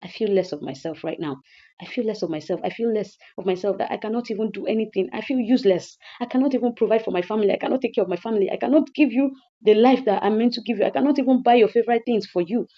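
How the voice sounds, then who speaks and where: A woman's voice: medium pitch, fast, highs cut off, pitched above the performer's own voice, lightly acted. A woman with a Nigerian accent voicing a troubled husband who pleads with his daughter while plotting revenge, in a movie recap. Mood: pleading. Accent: Nigerian English. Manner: repeats his lines, pleading.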